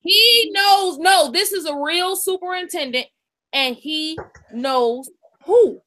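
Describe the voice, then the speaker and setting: A woman's voice: extremely high pitch, slow, bright, forceful tone. A woman co-hosting a live stream in casual commentary, emphatic and confrontational, repeating her lines for effect. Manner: profane, confrontational.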